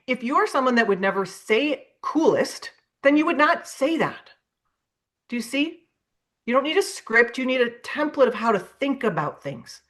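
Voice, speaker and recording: A woman's voice: high voice, fairly quick. A woman giving a motivational keynote on sales psychology over a video call, acting out sample invitation messages. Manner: animated, acts out sample messages to prospects. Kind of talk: motivational sales training talk.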